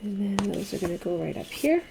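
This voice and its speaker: A woman's voice: mid-range voice, lively intonation, a little fast, vocal fry, noisy background. A woman from Canada teaching a card-making craft tutorial, chatting and asking viewers what they think. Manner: chatty, asks viewers questions.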